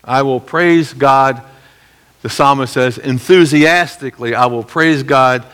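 A middle-aged man leads a Bible lesson, talking his listeners through the verses step by step. His delivery is measured and explanatory, with an ordinary mid-range voice. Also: mid-range voice, steady tone, fairly bright tone, clear, resonant tone. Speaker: Bible teacher.

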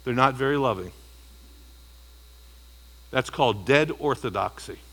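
A pastor with a medium-pitched, sharp voice delivers a verse-by-verse expository sermon at a measured pace. He preaches conversationally, often checking in with the congregation with "okay?" and "you see." The audio is poor.

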